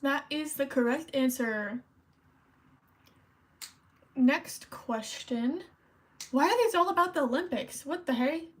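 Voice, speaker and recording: High voiced woman streamer, casual chatty self-teasing talk, repeats words while she thinks. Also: slow, long pauses. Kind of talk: casual livestream chat.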